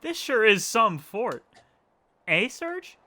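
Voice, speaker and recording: A man's voice: extremely high pitch, sing-song, measured pace, sharp tone, voice pushed up, heavily acted. A man reading aloud in a raised voice as a bold young girl adventurer, half-joking. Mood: teasing.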